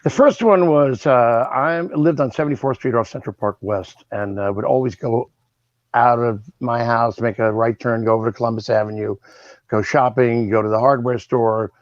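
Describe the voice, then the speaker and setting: Man, 60s, interview guest, animated storyteller, dry close sound, muffled video-call audio. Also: medium pitch, moderate pace, no echo. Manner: animated, acts out voices in his stories. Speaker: guest, original cast member. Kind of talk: anecdotal storytelling.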